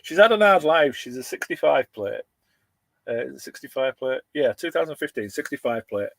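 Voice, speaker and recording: A man's voice: mid-range voice, animated, moderate pace, creaky, dry recording. A middle-aged man hosts a casual livestream from his van, greeting viewers by name and laughing between lines. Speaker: livestream host reading viewer comments. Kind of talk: casual live chat.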